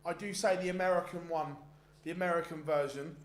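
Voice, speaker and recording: A man's voice: a little high, fairly even intonation, brisk. A man hosting a darts stream, chatting casually and rambling with frequent restarts between bits of live commentary. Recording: roomy echoey sound.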